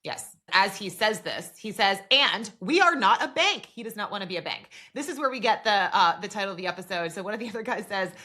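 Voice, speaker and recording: A woman's voice: mid-range voice, quick pace, few pauses. A woman co-hosting a podcast, recapping a TV episode in casual chat and acting out the characters' lines. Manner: animated, recounts dialogue in quoted voices. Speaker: podcast co-host.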